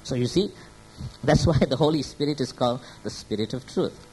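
A man's voice: expressive, moderate pace, darkish tone, poor audio. A man preaching a sermon. He often checks in with his listeners, asking "Hmm?" and "Yeah?", and grows more emphatic as he builds his points. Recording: faint background noise and low rumble.

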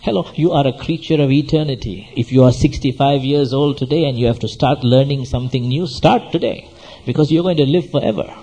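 A man preaches with a husky, slightly breathy voice and a dark, mellow tone. He exhorts his listeners in a sermon, repeating phrases and firing questions at them. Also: medium pitch, fairly quick, low-quality recording. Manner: exhorting, repetitive, asks the audience questions. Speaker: pastor.

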